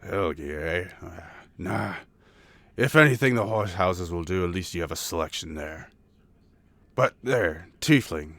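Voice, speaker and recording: A man voicing a gruff but friendly male dwarf townsman in a tabletop game, with folksy, drawling questions. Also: low voice, animated, unhurried, fairly bright tone, dry recording, voice pushed down, exaggerated voice.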